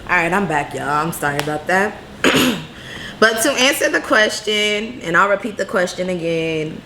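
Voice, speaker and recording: A woman's voice: lowish voice, expressive, normal speed, bright, forceful tone, a little hiss or hum. A laid-back woman in her late twenties, answering questions in a candid, reflective vlog. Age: late 20s. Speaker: vlogger. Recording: roomy echo with faint ambience.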